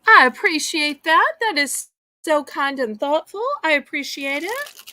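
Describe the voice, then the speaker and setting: A woman auctioneer on a live stream speaks a little slowly in a high, animated voice that sounds pushed and bright. Her patter is chatty and folksy, and she says she's losing her voice as it wears out.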